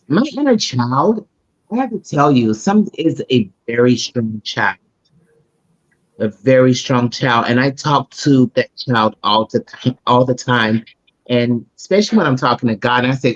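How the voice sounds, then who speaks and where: A woman's voice: a bass voice, animated, a little slow, pauses often, lo-fi sound. A trans woman, a podcast guest, telling heartfelt, faith-filled stories in casual conversation. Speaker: podcast guest, pageant titleholder.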